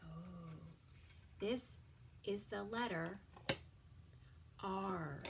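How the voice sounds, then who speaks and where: A woman teaching a toddler circle-time lesson, drawing out words slowly and often dropping into a soft whisper. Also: mid-range voice, animated, background noise. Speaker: preschool teacher.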